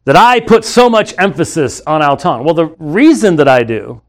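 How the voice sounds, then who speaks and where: A man's voice: fairly high pitch, sing-song, normal speed. A man hosting a live webcast and teaching on the Bible, talking in an emphatic, argumentative way with frequent restarts from a studio. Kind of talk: unscripted live commentary. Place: studio with screens and computer.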